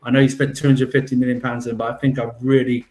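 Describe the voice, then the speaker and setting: A man's voice: mid-range voice, little pitch movement, fast talker, darkish tone, close to an everyday voice. A man playing a defensive football manager. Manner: defensive, self-praising, rambling excuses. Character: embattled male football manager defending his record. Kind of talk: improvised comedic role-play.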